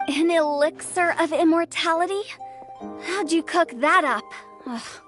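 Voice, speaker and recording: A mischievous young funeral director who teases and sighs with theatrical flair. Her voice sits high. Soft game music runs underneath. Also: unhurried. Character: playful, teasing young woman, funeral parlor director. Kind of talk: game voice acting.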